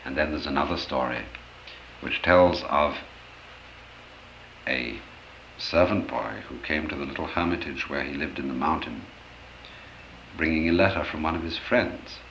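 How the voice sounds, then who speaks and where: A man giving an expressive storytelling lecture, acting out the anecdotes as he goes. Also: very deep voice, measured pace, gravelly, pauses often, a little hiss or hum. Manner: expressive, animated, acts out stories. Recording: roomy, dull old lecture recording.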